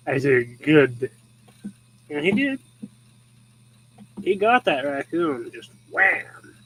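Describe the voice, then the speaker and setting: Slow-talking easygoing young man. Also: fairly high pitch, a bit bright, a little hiss or hum, rough recording. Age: young adult. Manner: rambling, chuckling, easygoing. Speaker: host. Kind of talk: casual chat showing photos. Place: rural home.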